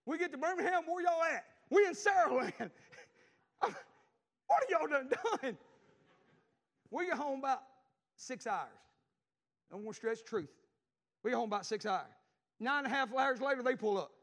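High-pitched Southern preacher, lively delivery. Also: male voice, fairly quick, pauses often. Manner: storytelling, repeats phrases, swings from loud to hushed. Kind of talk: Southern revival sermon.

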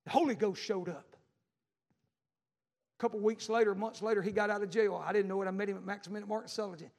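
A middle-aged man preaching a fervent sermon that builds to shouting, in a church sanctuary. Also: sits high, level tone, racing, vocal fry. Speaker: pastor. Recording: long hall reverb.

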